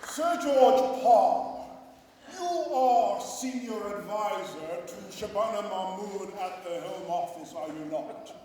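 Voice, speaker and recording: A man's voice: high voice, slow pace, warm tone, a little hiss or hum. A man playing a pompous late-night news interviewer in a live comedy sketch, questioning with dry mock seriousness. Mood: probing. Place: large old church used as a cabaret venue. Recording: echoey church hall from far off.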